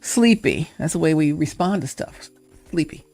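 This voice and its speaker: A woman's voice: sits low, animated, moderate pace, a little mellow. A woman hosting a casual livestream, musing playfully and shifting into encouragement, now and then acting out little character voices. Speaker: live stream host.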